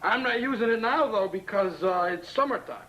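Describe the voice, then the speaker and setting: A man's voice: sits high, lively intonation, fairly quick, sharp tone, poor audio. A young man giving a rambling, chatty camcorder tour of his apartment, tossing in "man" and "see" as he films. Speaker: home video host. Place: small apartment bedroom. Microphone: camcorder built-in mic.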